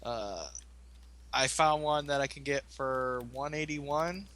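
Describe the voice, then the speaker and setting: A laid-back male podcast co-host with a bright, forceful voice. He chats casually and laughs easily. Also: mid-range voice, slow pace, a little hiss or hum. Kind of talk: casual chat.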